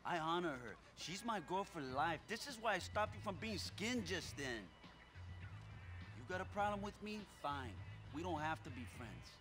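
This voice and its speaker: Young gang leader, laid-back slang, high voice, loud music. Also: male voice, animated, moderate pace. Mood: earnest. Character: young Latino gang leader, cocky but calm.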